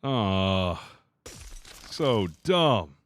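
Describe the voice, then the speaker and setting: A man streaming a game live, talking to his crew and chat, swearing freely and quick to vent his frustration. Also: fairly low pitch, very animated. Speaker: livestreamer. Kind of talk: live gaming commentary.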